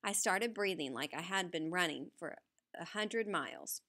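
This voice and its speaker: A woman narrating a novel aloud in the first person with a steady storytelling read. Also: fairly low pitch, moderate pace. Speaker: audiobook narrator.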